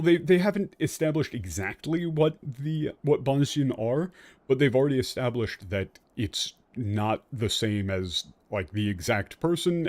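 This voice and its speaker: A man's voice: lowish voice, a little mellow, no echo. A man streaming a game and explaining its story in casual, rambling commentary, full of fillers and restarts and the odd swear word. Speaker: streamer playing and translating a game.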